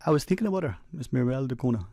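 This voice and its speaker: A man's voice: mid-range voice, expressive, creaky, warm tone, no room sound. Man, radio host, reflective monologue, dry close studio mic. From Cayman Islands. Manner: conversational, preachy, speeds up and slows down for emphasis. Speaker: radio talk show host. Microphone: studio microphone.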